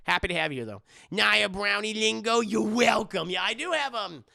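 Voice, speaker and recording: Casual male streamer, joking, bright and gravelly. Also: high-pitched, no echo, clean studio sound. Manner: joking, animated, quick impressions. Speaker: live streamer. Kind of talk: casual live-stream chat, reading chat.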